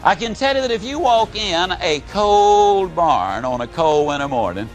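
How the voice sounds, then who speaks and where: A man giving a live motivational speech, telling folksy stories and swinging between booming and hushed delivery. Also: very animated, normal speed, faint music behind. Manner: folksy storytelling. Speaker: motivational speaker.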